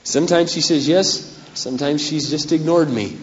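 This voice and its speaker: A man preaching a sermon as pastor, dramatic and humorous, acting out scenes, his voice going hoarse. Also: fairly high pitch, moderate pace, few pauses, a faint crowd, a little hiss or hum. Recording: echoey hall on dull lo-fi recording.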